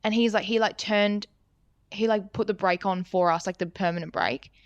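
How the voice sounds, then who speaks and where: A woman's voice: medium pitch, fairly even intonation, moderate pace, dry recording, muffled recording. A young woman co-hosting a podcast, telling a story in a rambling, casual way, swearing often and saying "like" constantly. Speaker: podcast co-host.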